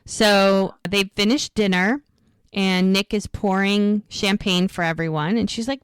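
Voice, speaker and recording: A woman's voice: mid-range voice, steady tone, measured pace, clear, resonant tone, no room sound. Woman podcast host walking thru a scene step by step, doing the lines herself, dead dry mic. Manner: retells scenes blow by blow, acting out lines. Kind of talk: casual episode recap.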